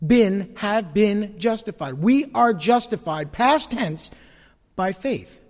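Male pastor, high lively voice, church hall reverb, folksy preaching. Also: slow. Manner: animated preaching, folksy asides. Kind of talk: sermon.

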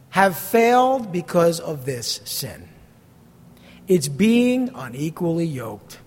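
A middle-aged man pastors his congregation with an earnest, blunt, emphatic delivery. His voice sits noticeably high for a man. The sermon rings through a big hall with a long, trailing reverb. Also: breathy edge.

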